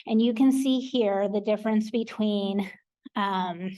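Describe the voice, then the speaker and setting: American woman presenter, mellow voice, practical explainer at a conference talk. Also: mid-range voice, takes it slowly, rough recording. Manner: practical, explanatory, with frequent ums. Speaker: research coordinator presenter. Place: conference hall.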